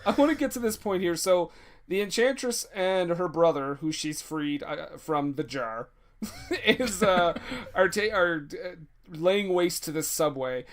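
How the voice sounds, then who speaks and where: A man talking casually on a podcast about a movie, joking, laughing and swearing. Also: a little high. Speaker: podcast guest.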